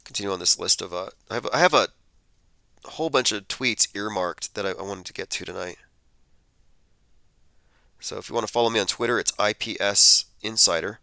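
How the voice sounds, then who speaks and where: A man's voice: fairly low pitch, brisk, creaky, pauses often, pushed and bright, dry recording. A man hosting a commentary show, casually reading headlines and posts and reacting with skepticism. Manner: skeptical, conversational, thinks aloud with fillers. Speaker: podcast host.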